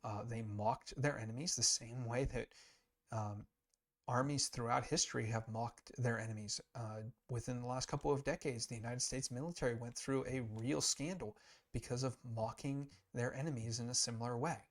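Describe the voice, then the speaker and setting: A man's voice: medium pitch, steady tone, normal speed. Male Bible teacher, casual talk-through, emphatic and earnest, thinks aloud, mid-range voice.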